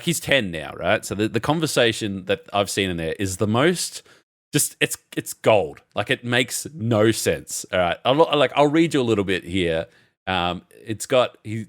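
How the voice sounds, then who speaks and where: A man's voice: on the low side, dry recording, studio quality. A young Australian man co-hosting a podcast, chatting casually and laughing often as he reads out chat messages. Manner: laughs often while reading chat logs aloud. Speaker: podcast co-host.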